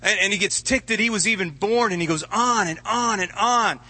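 A man's voice: high voice, normal speed, pushed and bright, husky, no room sound. A man pastor preaching a sermon in an earnest, conversational way, often repeating words as he goes.

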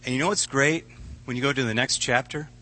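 A man's voice: mid-range voice, a little fast, bright, forceful tone. Earnest man preaching a sermon. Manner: earnest, conversational preaching with repeated words. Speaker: pastor.

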